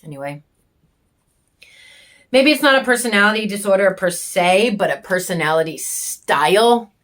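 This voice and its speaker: A woman's voice: mid-range voice, lively intonation, a bit bright. Angry, candid woman venting. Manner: candid and heated, swears often, halting pauses; bitter and angry. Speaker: homesteading vlogger. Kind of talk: raw personal reflection to camera.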